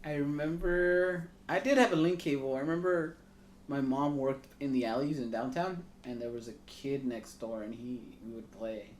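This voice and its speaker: A man's voice: medium pitch, moderate pace. A man co-hosting a podcast, telling rambling stories in casual chat and swearing freely. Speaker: podcast co-host. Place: podcast room. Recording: echoey room with faint noise.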